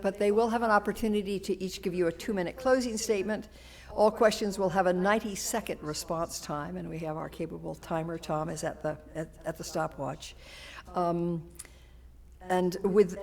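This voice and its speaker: The moderator of a town candidates forum, a woman with a Massachusetts accent, speaks at a medium pitch. She talks loosely, with fillers and restarts, in a meeting room at the police station.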